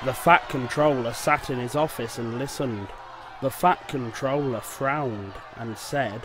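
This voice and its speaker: A man reading a children's railway storybook aloud as narrator, in a measured storytelling manner. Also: mid-range voice. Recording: noisy background hiss.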